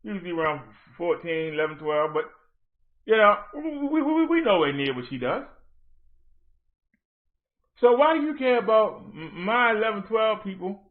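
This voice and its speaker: A man's voice: high-pitched, expressive, normal speed, pauses often. Guy ranting on his live show, calling someone out line by line, sounds like it's over a phone. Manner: confrontational, reads out messages and answers them. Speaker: livestream host. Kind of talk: heated livestream rant. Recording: tinny phone-like audio.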